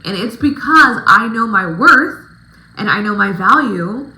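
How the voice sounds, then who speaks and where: A woman's voice: medium pitch, expressive, unhurried, bright, forceful tone, echoey room, poor audio. A woman giving casual vlog advice as a dancer coaching other dancers, talking emphatically with plenty of swearing. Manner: emphatic, profane, pep-talk delivery.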